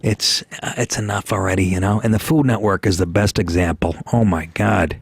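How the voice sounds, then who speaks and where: A man's voice: sits low, fairly even intonation, brisk, gravelly, slightly rough, no room sound, clean studio sound. A man hosting a radio call-in show, brash and joking, laughing a lot and tripping over his words. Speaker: radio talk show host. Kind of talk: casual call-in talk.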